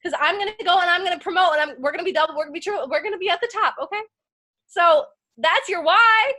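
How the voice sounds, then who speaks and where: A woman co-leading a sales team, giving an intense, animated motivational talk. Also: very high-pitched, fast talker.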